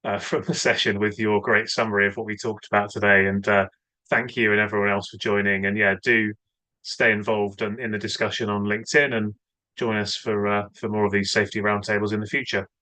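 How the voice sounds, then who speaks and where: Male host of an online roundtable, bright and forceful tone, dry close sound, halting delivery full of fillers. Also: lowish voice, little pitch movement, no room sound, rough recording. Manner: hesitant, many filler sounds. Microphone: video call.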